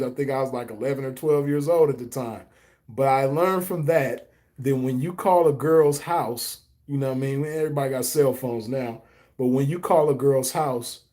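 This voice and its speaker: A man with a fairly high, warm voice hosts a stream, reading chat comments and answering them. He tells a story in a loose, casual monologue packed with fillers like "you know what I mean."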